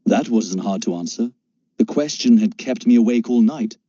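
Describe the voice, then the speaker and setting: Dark, husky male audiobook narrator. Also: lowish voice, lively intonation, moderate pace, no room sound. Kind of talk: scripted first-person narration. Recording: dull lo-fi dry recording.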